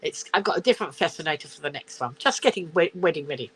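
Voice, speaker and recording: Speaking fast with lively intonation, this older woman from England has a low, slightly breathy voice. She's a livestream host chatting casually from her phone, giggly and rambling as she reads viewer comments aloud, picked up by the phone camera mic.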